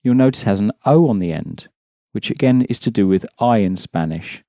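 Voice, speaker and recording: Patient male teacher, lively low voice. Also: normal speed, no echo, studio quality. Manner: patient, explaining and prompting with questions. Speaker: language teacher. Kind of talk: language lesson.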